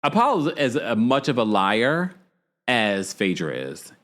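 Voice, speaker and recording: A male host of a casual live show, talking freely to his viewers and reading their chat messages aloud. His delivery is loose and animated, with frequent laughs and pitch that jumps up whenever he wants to stress something. He sits at a middle pitch for a man. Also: unhurried. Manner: chatty and animated, laughs often, swings his pitch up for emphasis. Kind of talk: casual livestream recap of a reality show.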